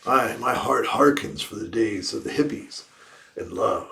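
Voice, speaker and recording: Slow, reflective male Buddhist teacher. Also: medium pitch, vocal fry, bright, forceful tone. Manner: reflective, asks rhetorical questions and repeats key phrases. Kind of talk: dharma talk after meditation. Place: livestreamed evening service.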